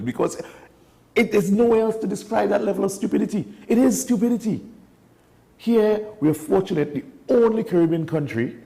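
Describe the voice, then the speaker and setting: A man, talking as a wildlife guest in a casual studio chat, animated and emphatic. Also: fairly high pitch, vocal fry.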